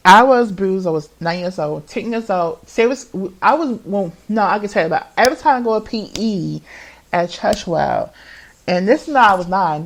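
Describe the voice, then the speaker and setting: A man in his twenties hosting a podcast, rambling and repeating himself as he tells a personal story in a casual confessional monologue, often breaking off mid-thought. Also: high voice. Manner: rambling and repetitive, with many restarts. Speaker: podcast host.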